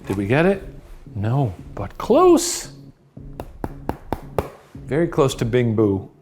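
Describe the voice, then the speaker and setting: A man's voice: mid-range voice, huge pitch swings, takes it slowly, music in the background. A man co-hosting a ghost hunting show, bantering in a wry, teasing way. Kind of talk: casual banter.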